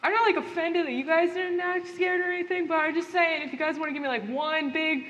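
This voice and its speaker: A woman's voice: very high voice, steady tone, fast, a bit bright, highs cut off. A woman voicing a laid-back male ghost who works as a liaison. He rambles and chats breezily, with lots of filler words. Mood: breezy. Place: live stage at a gaming convention. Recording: echoey convention hall with faint noise.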